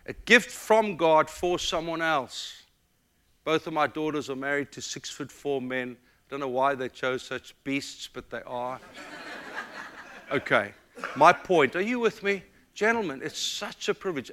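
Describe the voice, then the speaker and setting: Middle-aged male pastor from Africa; bright, forceful sermon delivery with big dynamic swings. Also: a little high, unhurried. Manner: dynamic preaching, swings from loud emphatic to hushed and tender.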